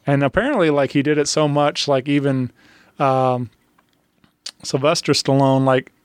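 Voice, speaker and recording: Rambling mid-pitched man hosting. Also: fairly even intonation, clean tone, no room sound. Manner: rambling, many fillers and restarts, quick to agree. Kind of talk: casual chat.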